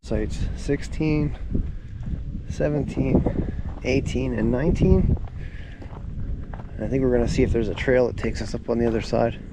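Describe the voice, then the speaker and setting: A man's voice: medium pitch, a little slow, long pauses. Breathless male vlogger, easygoing tour-guide chat, recorded outdoors in heavy wind. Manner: relaxed, chatty, frequent ums. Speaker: camping vlogger. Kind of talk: casual walking tour narration. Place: windy mountaintop campground outdoors. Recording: loud wind noise outdoors.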